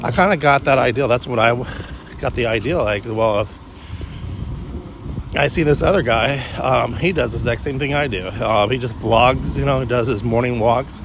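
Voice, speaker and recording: A man's voice: mid-range voice, moderate pace. Vlogger, male, rambling walk-and-talk delivery, loose and chatty, faint traffic behind. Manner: meandering, self-interrupting, frequent restarts. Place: outdoors on a morning walk.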